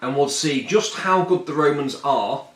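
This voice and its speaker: A man casually talking through a solo tabletop wargame, rambling and joking, with a fairly high voice. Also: animated, a little slow. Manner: rambling and jokey, puts on silly voices for the miniatures. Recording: echoey room.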